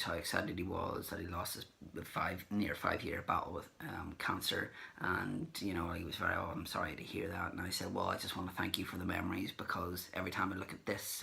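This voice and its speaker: A man's voice: sits low, creaky, bright, forceful tone. A man vlogging casually about meeting celebrities at a comic convention, rambling with fillers and acting out the remembered exchanges. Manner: rambling, acts out remembered dialogue. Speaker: collector vlogger. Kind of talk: casual anecdotal recap.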